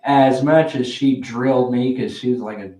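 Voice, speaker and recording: A man's voice: medium pitch, moderate pace, distant mic. A man telling a long story in casual chat at a poker game, swearing freely and acting out what his friends said. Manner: profane, animated storyteller who acts out quotes. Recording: roomy echo, away from the mic.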